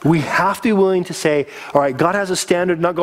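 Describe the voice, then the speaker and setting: A man's voice: sits high, fast talker, hardly any pauses. A man preaching a sermon as a pastor, earnest and conversational, getting teary.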